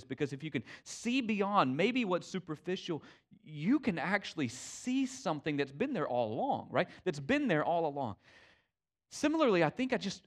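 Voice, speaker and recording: A young man preaching a sermon in a church. He talks in a folksy, conversational way, with many fillers and frequent "right?" checks to the congregation. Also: medium pitch. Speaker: pastor. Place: church sanctuary.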